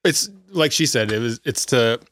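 A man co-hosts a relaxed podcast chat in a mid-pitched voice, recorded dry and close. He talks loosely, scattering fillers as he explains things. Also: normal speed, dry recording. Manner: loose, full of fillers like "you know". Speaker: podcast co-host. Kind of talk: casual chat.

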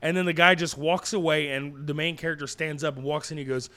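A man co-hosting a podcast, recapping an anime episode in a rambling, jokey way with lots of fillers and quick put-on character quotes. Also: fairly high pitch, bright, forceful tone. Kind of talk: casual chat.

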